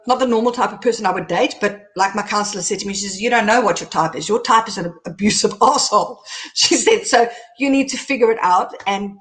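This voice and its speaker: A middle-aged woman, hosting and candidly telling her own story, animated as she recounts events. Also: medium pitch, fast. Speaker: host.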